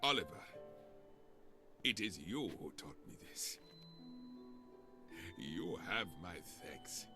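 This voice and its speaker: A dignified older sage with a low voice that rises and falls expressively. He speaks formally and in measured phrases. Loud orchestral game music fills the background. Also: very animated, heavily acted. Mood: solemn. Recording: loud game soundtrack behind.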